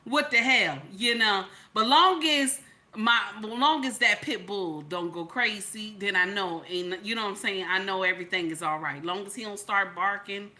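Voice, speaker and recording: A woman gives chatty reaction commentary on a vlog, animated and exclamatory and full of asides. Her voice is bright and sits in a mid pitch. She often jumps up high to mimic other people. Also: moderate pace. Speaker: YouTube commentator.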